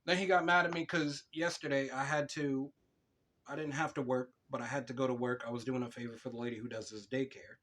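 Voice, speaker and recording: Animated cursing podcast guy. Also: mid-range voice, a little fast. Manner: swears a lot, animated storytelling. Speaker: podcast co-host. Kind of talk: casual podcast chat.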